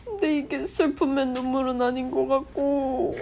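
A woman's voice: sits high, moderate pace, background noise. A young woman chatting casually on a phone livestream, tearful and giggly, often laughing through her crying. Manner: giggly, emotional, mixing in Korean. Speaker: singer on a livestream.

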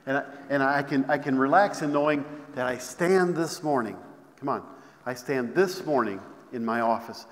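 Male pastor, sermon, repetitive call-and-response, mid-pitched voice, long hall reverb. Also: normal speed. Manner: repetitive call-and-response preaching, many restarts.

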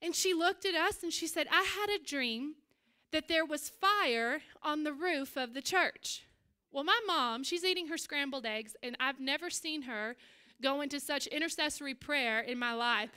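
Bright, high-voiced woman preaching. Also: moderate pace. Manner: animated storytelling preacher. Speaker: pastor. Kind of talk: sermon. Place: church stage.

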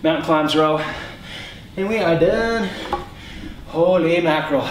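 A man's voice: a little high, slow pace, pauses often, reverberant, background noise. A male fitness instructor coaching a home workout, counting reps aloud and calling out short commands.

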